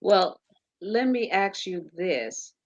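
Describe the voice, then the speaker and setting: A woman hosting an interview, asking slow, halting questions full of fillers. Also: medium pitch, very animated, dry recording. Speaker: host.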